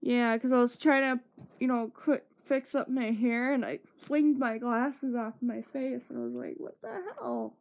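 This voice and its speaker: A woman's voice: on the high side, fairly even intonation, moderate pace, vocal fry. A woman streamer chatting casually, telling a long story with swearing and laughter. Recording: muffled lo-fi stream audio.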